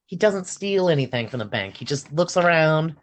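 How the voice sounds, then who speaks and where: A man's voice: fairly high pitch, normal speed. A man co-hosting a casual podcast, retelling a film scene by scene with swearing and bursts of acted-out lines. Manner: animated storytelling, swearing, acting out lines. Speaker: podcast co-host recapping a film. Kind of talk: casual chat.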